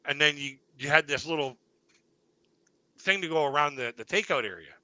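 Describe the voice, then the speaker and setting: A man's voice: fairly high pitch, normal speed, bright, forceful tone, no room sound, rough recording. A man hosting a live online comedy panel, telling a long rambling anecdote and laughing at his own story. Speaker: stand-up comedian host.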